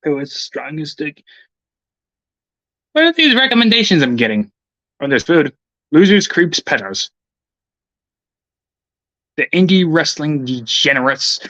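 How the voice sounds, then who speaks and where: A man's voice: fairly high pitch, sing-song, unhurried, long pauses, pushed and bright, dry recording, muffled recording. A man livestreaming, rambling casually and muttering to himself in an irritable, profane way. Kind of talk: rambling casual stream talk.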